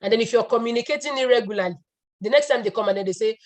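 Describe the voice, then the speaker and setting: A woman's voice: on the high side, sing-song, a little fast. A woman pharmacist answering on a video call, chatty and repeating her points. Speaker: pharmacist panelist.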